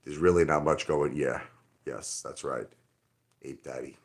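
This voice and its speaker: A middle-aged man with a deep voice hosts a casual livestream. He rambles from one point to the next and answers his chat directly in a loose, conversational way. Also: fairly even intonation, measured pace. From Brooklyn, New York. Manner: rambling, talks straight to chat. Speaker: livestream host.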